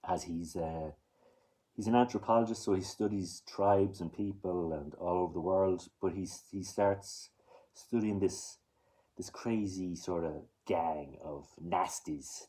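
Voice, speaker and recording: A man's voice: deep voice, mellow, poor audio. A man giving a casual, rambling spoken movie review, listing titles and talking to himself as he goes.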